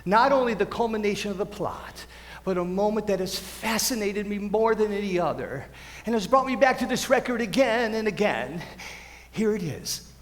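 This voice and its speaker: A man's voice: sits high, animated, normal speed. A teenage actor playing a lonely, wistful man who confides in the audience in a rambling, self-interrupting way, in a school stage musical. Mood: confiding. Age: teens. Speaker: Man in Chair, narrator. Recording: stage mic in a reverberant auditorium.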